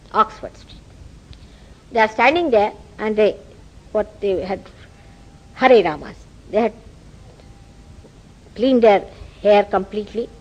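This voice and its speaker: A woman from India speaks with an Indian accent as a spiritual teacher giving a public talk in a meeting house hall. Her fairly high voice animates her stories and rhetorical questions, though the recording quality is low.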